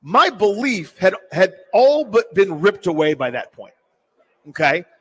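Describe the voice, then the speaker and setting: A man hosting sports talk radio, animated and jokey in casual talk. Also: sits high, measured pace, poor audio.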